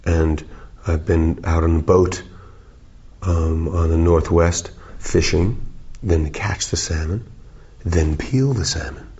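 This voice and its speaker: A man's voice: low voice, darkish tone, husky. A man in his forties, a musician, giving goofy, wandering, self-interrupting interview answers. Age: 40s. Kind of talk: rambling, joking interview answers. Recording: dull, lo-fi recording.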